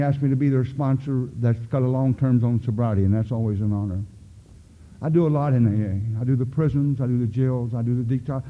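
Older guy sharing his story at a meeting, folksy and plain, sounds like a phone line in a big echoey hall. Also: medium pitch. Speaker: recovery meeting speaker. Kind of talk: personal testimony talk.

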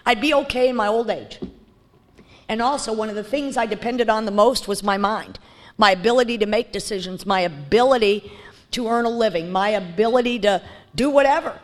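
A woman's voice: fairly high pitch, a little fast. A woman speaking bluntly and candidly as she shares her recovery story, with frequent fillers and restarts. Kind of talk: personal testimony talk.

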